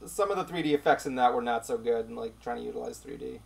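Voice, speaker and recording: A man hosting a casual chat, talking in a relaxed, rambling way with lots of filler words. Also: mid-range voice, quick pace, gravelly. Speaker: host.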